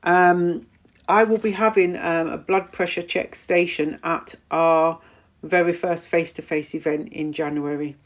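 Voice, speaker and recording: A woman's voice: lowish voice, steady tone, a little slow. A middle-aged woman hosting a live stream, chatting casually, repeating her points and reading out viewer comments. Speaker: host of a wellness live stream.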